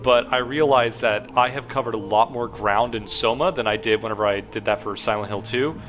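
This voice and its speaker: A young man streams and retells a horror game's story in a loose, rambling way, full of fillers and the odd swear word. His voice sits at an ordinary middle pitch. It sounds like an unscripted chat between friends. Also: a little fast, fairly bright tone, faint music behind. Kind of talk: casual game story recap.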